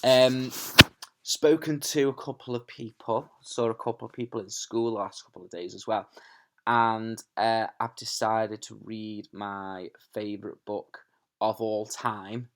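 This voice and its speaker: A man's voice: on the low side, steady tone, a little slow. Chatty teacher on his sofa. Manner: chatty, laughs often, self-mocking. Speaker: teacher reading to pupils. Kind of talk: casual chat then storybook read-aloud. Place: home living room, on a sofa. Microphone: camera in front of him.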